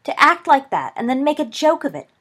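A woman's voice: high-pitched, big pitch swings, fairly quick, voice pushed up. A woman reading the part of a fiery, blunt teenage girl witch with a caring streak. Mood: angry. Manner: blunt, sharp-tongued.

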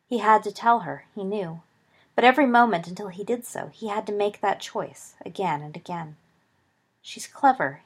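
A woman reading a story aloud as narrator, in a steady, expressive way. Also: mid-range voice, husky. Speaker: reader.

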